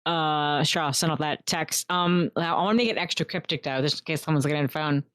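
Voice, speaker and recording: A woman's voice: low voice, brisk, no room sound, clean studio sound. A woman playing a tabletop game, speaking casually and laughing. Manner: playful, laughs. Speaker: player.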